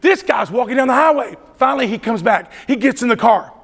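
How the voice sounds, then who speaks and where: Middle-aged guy preaching to teens, acts out the story, kinda high voice, big echoey church. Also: animated, brisk, a bit bright, slightly rough. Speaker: youth speaker. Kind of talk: youth conference sermon. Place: large church hall. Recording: reverberant hall.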